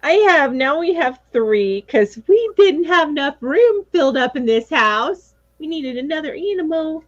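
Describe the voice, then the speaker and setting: A woman co-hosting a casual crochet live show over a video call, bubbly and animated, often apologizing. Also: high-pitched, unhurried, no room sound, muffled recording. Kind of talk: casual chat.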